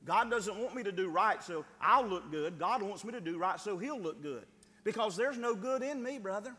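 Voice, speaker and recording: A man preaching a sermon as pastor, emphatic and calling for amens, moving between loud urging and hushed, quiet lines. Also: sits high, animated, moderate pace, in a large hall.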